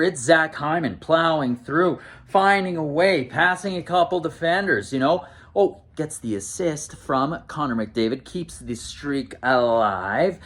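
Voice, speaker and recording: A man hosting a casual hockey game recap as an excitable, often exasperated fan. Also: sits high.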